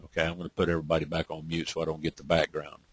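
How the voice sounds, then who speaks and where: A man's voice: very deep voice, completely flat delivery, rapid-fire, a crowd in the background. A middle-aged man from Atlanta, Georgia, leading a live online training. He keeps calling on his listeners and closes his points with "okay?". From Atlanta, Georgia, USA. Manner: coaxing, repeatedly calls on listeners, ends points with "okay?". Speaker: webinar trainer.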